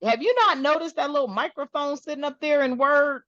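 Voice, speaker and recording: A woman hosting a spiritual channel, talking casually to her viewers in an animated, rambling way and swearing freely. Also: high-pitched, brisk, dry recording, lo-fi sound.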